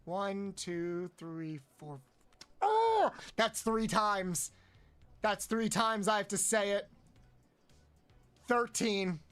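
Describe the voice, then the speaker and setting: A man streaming a game, counting aloud, swearing often and yelping high when frustrated. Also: fairly even intonation, takes it slowly, pauses often, sharp tone, clear, resonant tone, soft background music. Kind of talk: casual live-stream chat while playing.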